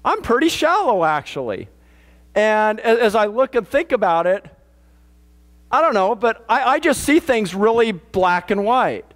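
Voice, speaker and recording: A man's voice: sits high, unhurried. A pastor delivering a conversational sermon in a plain-spoken, matter-of-fact way, often restarting his sentences. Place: church.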